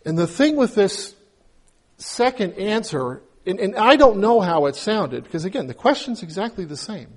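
Husky and high-pitched, this pastor's voice swings widely in pitch at a moderate pace. His sermon is conversational and humorous, and he voices the biblical characters' pleas with emotion that keeps building.

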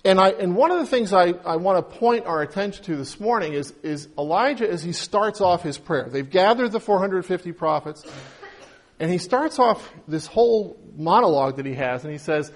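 A man with a high-pitched voice preaching a morning sermon. He tells the story in a relaxed, conversational way, dropping in asides and briefly acting out what each person says. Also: normal speed. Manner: storytelling, acts out quoted lines. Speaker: pastor.

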